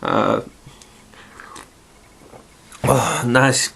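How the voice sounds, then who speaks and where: A man's voice: mid-range voice, lively intonation, slow pace, pauses often, fairly bright tone. A man, stuffy and nasal from hay fever, rambling chattily through a casual video review and swearing now and then.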